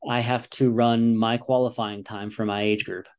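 Man in his forties, American, mellow warm voice, earnest, explaining patiently. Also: fairly low pitch, level tone, moderate pace. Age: 40s. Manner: earnest, explaining with repeated "you know". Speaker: guest, father and runner. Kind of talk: casual interview talk.

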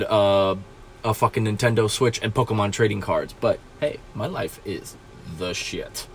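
A man's voice: mid-range voice, fairly bright tone. A man hosting a solo podcast from a small closet, ranting profanely and with exasperation. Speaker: podcast host.

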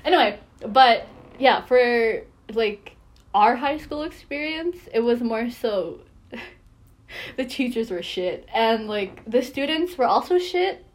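A young woman co-hosting a podcast, telling lively stories, swearing and laughing often. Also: a little high, takes it slowly. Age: young adult. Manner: animated storytelling, swears a lot, laughs often. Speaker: podcast co-host. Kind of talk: casual chat.

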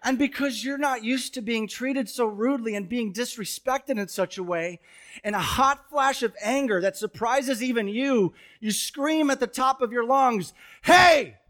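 A man in his thirties preaches from a church stage in a fairly high voice. He tells stories with a joking touch and breaks into sudden loud bursts. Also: moderate pace. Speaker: pastor. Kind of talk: sermon with storytelling. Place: church stage before a congregation.

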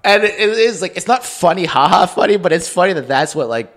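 Brief: male podcast co-host, lively and swooping in pitch, loose chatty delivery, mimics people he quotes. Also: brisk. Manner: chatty, acts out quoted people in put-on voices. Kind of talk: casual chat.

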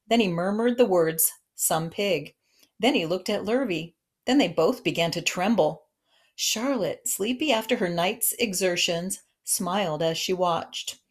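A woman narrating a children's novel aloud in a gentle, expressive storytelling manner. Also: on the low side, unhurried.

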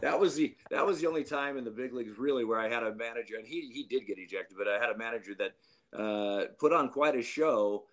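A man's voice: medium pitch, a little fast. A man in his late fifties, a retired baseball umpire, telling stories in a rambling way with frequent restarts and chuckles. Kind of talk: anecdotal storytelling.

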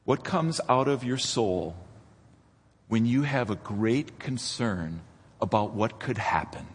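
A man preaching a sermon as pastor, dramatic and rising toward near-shouts when he retells scenes. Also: mid-range voice, lively intonation, slow, breathy edge. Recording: long reverb of a church hall.

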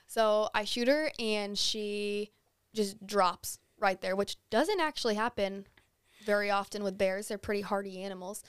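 A young woman, a podcast guest, telling a hunting story in a relaxed, chatty way with plenty of fillers. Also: medium pitch, a little slow, clear, resonant tone, dry recording, studio quality. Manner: easygoing, frequent fillers, animated when excited. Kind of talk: casual storytelling.

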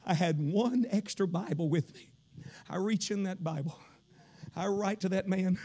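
A man from Kentucky with a Southern accent, preaching a revival sermon, swinging from shouted sing-song preaching to low storytelling. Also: normal speed.

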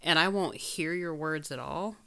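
Low-voiced woman, earnest and frank. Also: normal speed, creaky, a bit bright. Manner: earnest and frank, with casual swearing. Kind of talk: casual chat, personal storytelling.

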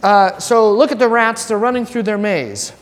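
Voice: medium pitch, moderate pace. Casual joking teacher quizzing the class, heard in a room with long reverb. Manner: conversational, joking, quizzes students by name. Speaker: religion teacher. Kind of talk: classroom lesson with student questions.

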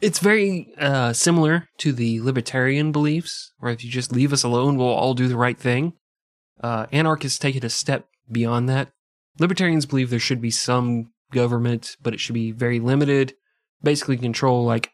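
A man hosting a podcast, telling a history story casually, with sarcastic, profane, deadpan jokes. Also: mid-range voice, moderate pace, dry recording, studio quality. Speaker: podcast host.

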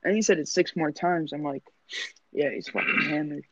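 A man's voice: fairly high pitch, normal speed, a bit bright, dry recording. A young man telling stories in a casual, profane, joking chat. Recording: dull lo-fi sound.

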